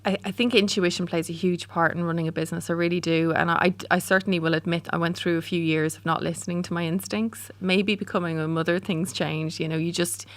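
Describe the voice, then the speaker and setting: A woman's voice: lowish voice, fairly even intonation, fairly quick, few pauses. A woman in her forties with an Irish accent, a startup founder answering interview questions candidly, with frequent ums and restarts. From Ireland.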